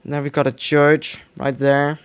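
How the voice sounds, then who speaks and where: A man's voice: on the high side, completely flat delivery, measured pace, clear, resonant tone. A man streaming a game, giving casual live commentary, rambling and restarting his sentences as he plays. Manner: rambling, restarts often, mutters to himself.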